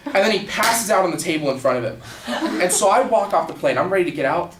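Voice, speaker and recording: A young man telling a personal story in a casual, animated way, full of fillers. He is heard through a distant mic in a storytelling event room. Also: high voice, quick pace, background noise. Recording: echoey room, distant mic, faint ambience.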